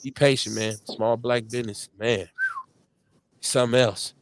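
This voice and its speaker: A man in his forties from Milwaukee with a Milwaukee accent, hosting a live show in casual, slangy chat full of shout-outs and stories. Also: mid-range voice, a little slow, no echo, clean studio sound. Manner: animated storytelling, slangy, lots of shout-outs. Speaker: host.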